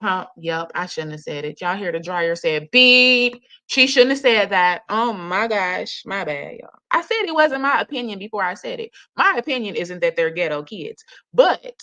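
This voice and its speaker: A woman's voice: fairly low pitch, expressive, normal speed, a bit bright. A woman hosting a casual reaction commentary, chatty and slangy, often laughing and calling her viewers "y'all.". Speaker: reaction channel host. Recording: dull lo-fi audio.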